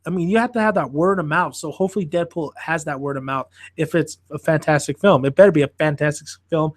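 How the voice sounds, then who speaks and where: A man hosting a podcast, chatting casually and rambling about films in an excitable, profane way. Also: on the high side, dry recording, clean studio sound. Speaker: podcast host reviewing films. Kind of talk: casual chat.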